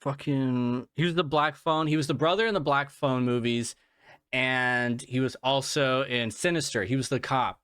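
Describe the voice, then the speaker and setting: Male podcast host, sick and fatigued, smooth voice, dry sound, swears and restarts a lot. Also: mid-range voice, fairly even intonation, moderate pace, fairly bright tone, no echo. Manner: rambling, profane, lots of restarts and fillers. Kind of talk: casual solo podcast monologue.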